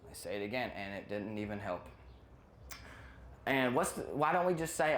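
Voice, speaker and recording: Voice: mid-range voice, very animated, moderate pace, long pauses, a little hiss or hum. A stand-up comedian who rambles through a routine, often losing their place and cutting in on themselves. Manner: rambling, loses place and self-interrupts.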